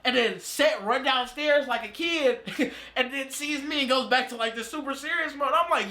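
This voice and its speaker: A man in his twenties telling a story as a podcast guest, profane and animated, jumping into other people's voices. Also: normal speed, hardly any pauses, reverberant. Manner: animated, profane, acts out quotes in a higher voice. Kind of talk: casual storytelling interview.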